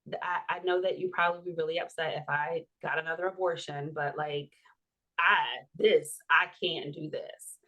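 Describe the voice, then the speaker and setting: Animated woman telling her story. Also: low-pitched, moderate pace, muffled recording. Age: 40s. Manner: animated, laughing, acts out quoted dialogue. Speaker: podcast guest. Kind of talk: personal storytelling in an interview.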